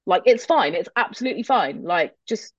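A woman's voice: mid-range voice, expressive, normal speed, husky, no echo, dull audio. A woman guest in a casual interview, talking candidly with a self-deprecating streak, swearing casually and laughing easily. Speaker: guest, metal vocalist.

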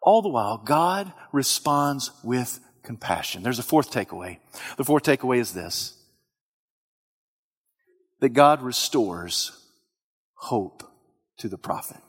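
A man preaching a sermon with dramatic swings from loud to hushed. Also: medium pitch, animated, takes it slowly, long pauses, husky, in a large hall.

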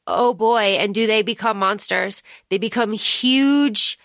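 A woman's voice: mid-range voice, takes it slowly, fairly bright tone, dry recording, studio quality. A woman co-hosting a podcast, recapping a novel in casual chat, emphatic and swearing freely, acting out the characters' lines. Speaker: podcast co-host.

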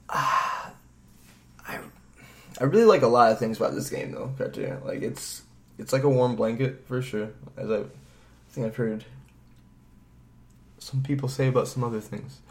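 A man's voice: medium pitch, a little slow, pauses often. A man co-hosting a podcast, rambling casually about a video game, swearing freely and acting out bits of dialogue. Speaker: podcast co-host.

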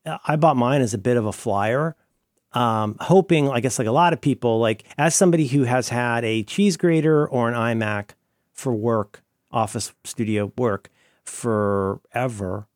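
A man of average pitch chats on a podcast with a wry, joking manner, tossing in quick asides. His voice sits close and dry, with no room sound. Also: dry recording. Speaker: podcast co-host. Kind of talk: casual chat.

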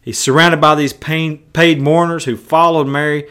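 A man's voice: a little high, flat delivery, moderate pace, fairly bright tone, clean tone. A male preacher giving a sermon, emphatic and conversational, mixing scripture with colloquial asides.

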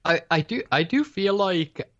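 A man's voice: sits high, lively intonation, a little slow, fairly bright tone. A man in casual podcast chat, rambling with many fillers and restarts. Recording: slightly dull lo-fi recording.

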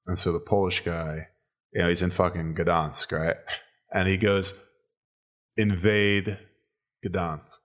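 A man's voice: sits low, fairly even intonation, moderate pace, a bit bright. A man telling a crude joke in casual conversation, swearing freely and rambling as he builds it. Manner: profane, rambling storyteller.

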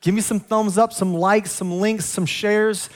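High-voiced, excitable man preaching. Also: measured pace. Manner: excitable, animated preaching with humor. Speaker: pastor. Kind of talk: sermon. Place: church sanctuary.

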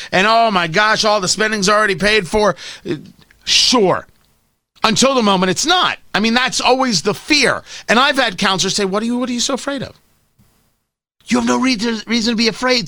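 A man's voice: high-pitched, sharp tone, no echo. A man hosting a talk radio show, delivering an opinionated, sarcastic monologue into a studio microphone. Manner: sarcastic, mocking, does voices.

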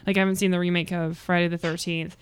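A woman's voice: lowish voice, level tone, fast talker, smooth. A woman co-hosting a casual film podcast, candid and blunt, swearing freely. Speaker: podcast co-host.

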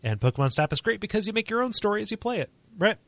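Lively bright-voiced man on a podcast. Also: high-pitched, very fast, creaky, dry recording. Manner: animated, laughs often, mock voices. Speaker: podcast co-host reading listener mail. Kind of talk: casual chat.

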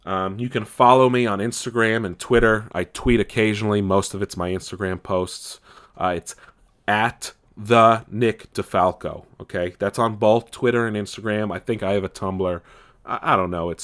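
A man's voice: on the low side, normal speed, a bit bright. A man hosting his own podcast, rambling and stammering through frequent restarts, blunt and swearing as he talks casually. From California. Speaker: podcast host. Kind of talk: casual solo podcast monologue.

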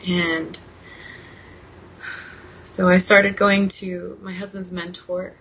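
A woman in her twenties, a podcast guest telling her story candidly with fillers, quick laughs and emotional moments. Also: fairly low pitch, flat delivery, dull audio, slight background noise. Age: 20s. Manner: emotional, softening at painful moments.

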